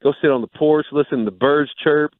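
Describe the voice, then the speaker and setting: A man's voice: on the high side, fairly even intonation, a little fast, a little hiss or hum. A man, a former pro football player, calling in as a guest on a radio show, talking in a laid-back, upbeat way with a lot of "like" in it. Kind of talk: casual radio interview. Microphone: phone call-in. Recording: dry, tinny phone line.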